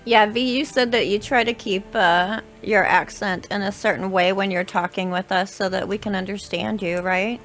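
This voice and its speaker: A woman's voice: mid-range voice, fairly even intonation, moderate pace, few pauses, a bit bright, soft background music. A woman from Texas hosting a casual gaming session, introducing guests and keeping the chat moving. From Texas, USA. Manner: friendly, leads the talk, uses fillers like "like". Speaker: host.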